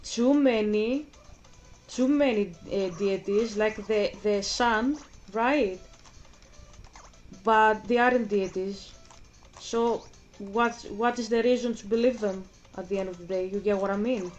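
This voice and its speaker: A woman's voice: mid-range voice, a little slow, darkish tone, soft background music. A woman streaming a game, chatting casually in a rambling way, repeating herself and breaking off for game moves. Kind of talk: casual livestream chat while gaming.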